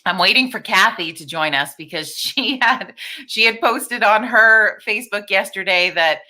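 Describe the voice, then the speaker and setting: A woman's voice: mid-range voice, normal speed, pushed and bright. A middle-aged woman hosting a casual live-stream chat, talking candidly, swearing freely and greeting viewers by name. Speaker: livestream host.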